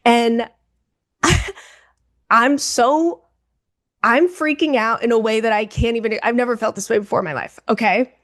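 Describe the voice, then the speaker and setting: A young woman co-hosting a podcast, telling a story in a casual, animated, dramatic way and calling the listener "girl". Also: fairly high pitch, a little slow, long pauses. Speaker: podcast co-host.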